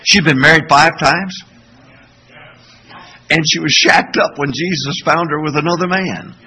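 An older man preaching a sermon as pastor, asking the congregation to call back answers and breaking into shouts. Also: fairly high pitch, measured pace, poor audio. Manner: animated preaching with call-and-response questions; sudden shouting bursts.

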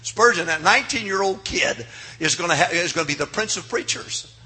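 A man preaching a revival sermon in a church, swinging from hushed asides to shouts. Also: high-pitched, lively intonation, brisk, husky. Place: church sanctuary.

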